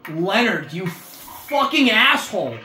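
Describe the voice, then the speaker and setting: A woman's voice: mid-range voice, big pitch swings, slow pace, slight background noise. Frustrated woman gamer cussing at the screen, voice swings up and down a lot, echoey room. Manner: frustrated, swears a lot and yells at the game. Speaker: video game player. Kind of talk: let's-play commentary. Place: room at home while playing a motion-control console. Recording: echoey room with faint game music.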